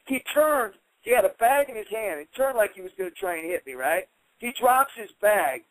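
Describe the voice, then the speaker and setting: A middle-aged man telling a story in a casual interview, animated and heated as he retells it. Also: high voice, moderate pace, no echo, poor audio. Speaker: interview guest.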